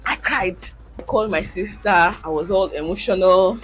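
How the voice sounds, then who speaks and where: A woman's voice: normal speed, slightly rough, faint music behind. A woman in her thirties, a content creator, telling her own story with candid emotion, sighs and laughs. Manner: animated, acts out quoted voices with big pitch jumps. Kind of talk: personal storytelling vlog.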